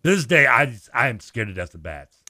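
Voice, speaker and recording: A man's voice: medium pitch, a little fast, no room sound, clean studio sound. A man, co-hosting a sports radio show and telling stories in casual chat, acting out the voices with laughs. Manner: animated storyteller, acts out voices and laughs.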